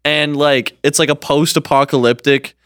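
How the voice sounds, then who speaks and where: Animated young-sounding man telling a dream. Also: a little high, normal speed, clear, resonant tone, no room sound, studio quality. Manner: animated storyteller, laughs often, heavy filler "like", swears. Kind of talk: casual chat, telling a dream story.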